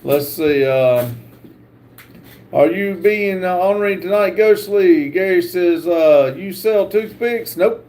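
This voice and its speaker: A man hosting a livestream, reading viewer comments aloud with halting pauses and fillers. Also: high-pitched, darkish tone, a little hiss or hum. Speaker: livestream host.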